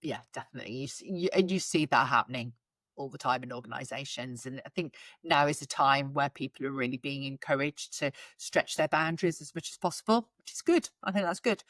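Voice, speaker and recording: A woman's voice: a bass voice, fairly quick, a bit bright, dry recording. A woman hosts an interview, speaking in an encouraging, reflective and articulate way. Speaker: podcast host. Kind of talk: interview hosting.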